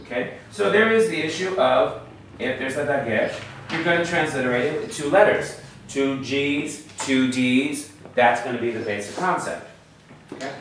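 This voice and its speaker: A man's voice: mid-range voice, moderate pace, fairly bright tone. A man teaching a class, explaining patiently step by step and checking in with his students. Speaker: Hebrew teacher. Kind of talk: classroom lesson. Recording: echoey room from far off, faint noise.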